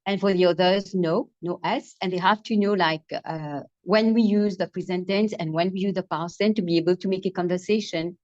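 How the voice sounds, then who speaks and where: A woman's voice: fairly low pitch, fairly even intonation, brisk, few pauses, darkish tone, no room sound. Mauritian woman teacher, muffled call. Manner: thoughtful, many restarts while explaining. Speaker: English teacher. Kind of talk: video call interview answer. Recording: dry, muffled video call audio.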